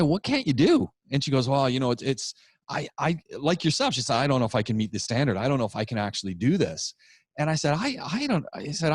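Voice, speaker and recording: A man co-hosting a podcast, telling a rambling, animated story about his public speaking class in a casual chat. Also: medium pitch, no echo, clean studio sound.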